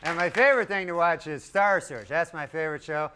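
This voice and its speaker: A man doing a stand-up comedy set in a deadpan, rambling way with long asides. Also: a little high, fairly quick. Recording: live club recording with crowd laughter and noise. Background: audience laughing.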